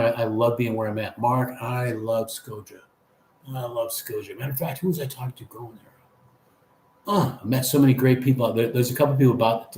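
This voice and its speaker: A man's voice: medium pitch, roomy sound. A man hosting a casual livestream, reading viewer comments aloud in a friendly, rambling way. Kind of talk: casual live chat.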